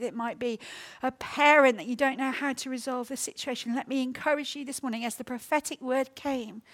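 Middle-aged woman preacher, fairly high voice, earnest and heartfelt sermon delivery in a church. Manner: earnest, personal, emotional storytelling with fillers.

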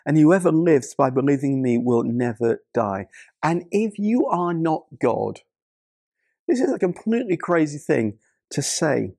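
A man's voice: a little high, very animated, a little slow, creaky, a little mellow, no echo, studio quality. A man preaching a sermon in an earnest way, often repeating words and restarting his sentences.

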